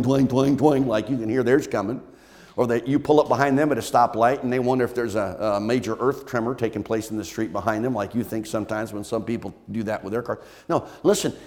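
A male pastor preaching with an emphatic, repetitive cadence and frequent rhetorical questions. His mid-pitched voice rings through a church sanctuary, each phrase trailing into a long hall echo. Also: a little mellow. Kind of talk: sermon.

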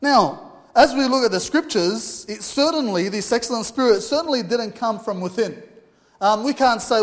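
A man's voice: high voice, expressive, moderate pace. A man preaching a sermon in an informal, earnest way, telling a story with fillers. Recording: long hall reverb.

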